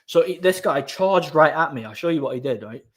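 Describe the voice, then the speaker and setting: A man's voice: on the high side, lively intonation, brisk, slightly rough. A man, casually telling a story as host of his own channel, repeating words and using many fillers.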